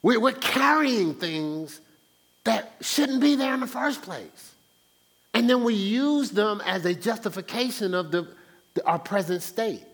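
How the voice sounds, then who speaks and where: Lively high-voiced male pastor preaching. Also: unhurried. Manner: animated, stammering restarts, acts out quoted voices. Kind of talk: conversational sermon.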